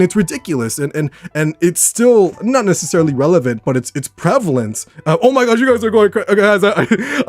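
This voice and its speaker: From his room, an excitable young man runs a live stream, rambling eagerly as he talks directly to his chat. His slightly high voice is starting to sound worn, and faint music plays in the background.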